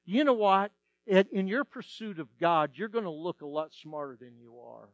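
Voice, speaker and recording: A man preaching a sermon as pastor, telling stories and acting out the dialogue with lively shifts. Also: high voice, moderate pace, no echo, dull audio. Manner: animated storytelling, acts out dialogue.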